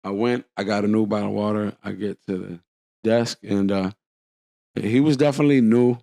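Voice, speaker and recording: A man's voice: on the low side, level tone, fairly quick, creaky, darkish tone, dry recording. A man telling a long story on a casual podcast, acting out the quotes.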